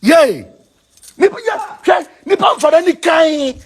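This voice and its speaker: A man with a Ghanaian accent, preaching in an excited chanting call-and-response style, repeating his phrases over and over. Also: very high voice, measured pace, raised voice, some chatter behind. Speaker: self-styled spiritual leader.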